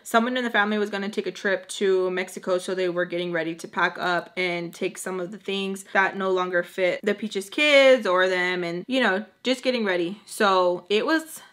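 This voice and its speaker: A young woman chatting at home to the camera, telling a long personal story while doing her makeup, animated and full of "like", dropping Spanish words. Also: mid-range voice, normal speed, few pauses. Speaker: beauty vlogger telling a story.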